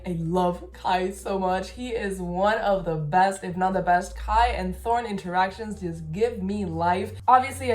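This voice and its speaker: A young woman in a casual book vlog talks through her reading with bubbly enthusiasm. Her voice sits at a middle pitch, and the room around her rings with a noticeable echo. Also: a little mellow. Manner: chatty and enthusiastic, with laughs. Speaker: book vlogger.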